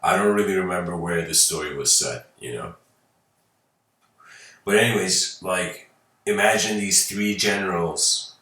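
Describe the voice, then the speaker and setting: A man's voice: sits low, measured pace, long pauses, sharp tone. A man giving a lecture, telling a story casually with many fillers and chuckles. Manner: loose and rambling, heavy on fillers, chuckles. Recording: roomy, from a distant mic.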